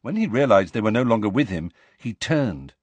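A man narrating an audiobook with expressive storytelling and a husky voice. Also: fairly low pitch, normal speed, no room sound. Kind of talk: scripted narration.

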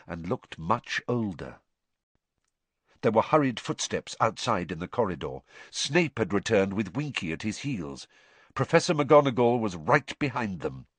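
A man narrating an audiobook in a measured, low-key storytelling manner. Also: slightly rough, no room sound. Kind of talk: scripted narration.

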